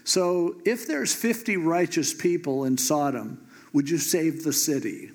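A man's voice: a little high, a little slow, darkish tone. A man voicing the elderly patriarch Abram, incredulous and haggling, in a retold sermon story. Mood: bargaining.

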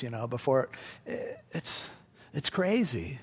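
A man's voice: fairly high pitch, expressive, moderate pace, darkish tone, husky, big-room sound. A male pastor giving a conversational, jokey sermon. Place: church.

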